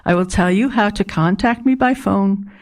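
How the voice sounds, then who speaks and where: Radio host woman, slow careful delivery. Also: medium pitch. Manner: spells out numbers and addresses slowly and deliberately; earnest, pleading with listeners to get in touch. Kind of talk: community radio announcements. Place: radio studio.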